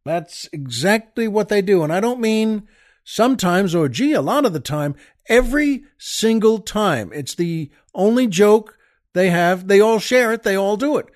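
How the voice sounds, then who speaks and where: A middle-aged man with a notably high voice hosts his show, spinning a comic anecdote for his listeners. He talks in a wry, exasperated way and keeps calling them folks. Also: animated, a little slow. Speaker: podcast host. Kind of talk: comic storytelling monologue.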